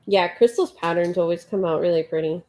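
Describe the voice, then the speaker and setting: A woman's voice: fairly low pitch, brisk, darkish tone. A woman hosting a casual late-night livestream, counting her crochet stitches under her breath and chatting as she reads out viewer comments. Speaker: livestream host. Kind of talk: casual live chat while crocheting.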